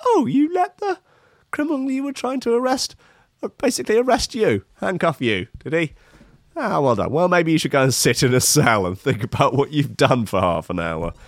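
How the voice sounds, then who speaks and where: A man's voice: on the high side, animated, normal speed, no echo, studio quality, voice pushed up. A man voicing a sarcastic male police officer mocking a colleague. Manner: sneering, sarcastic.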